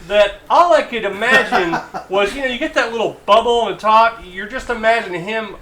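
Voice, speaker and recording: A man in his forties hosting a talk radio show, telling animated anecdotes with halting asides. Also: high voice, echoey room, background noise.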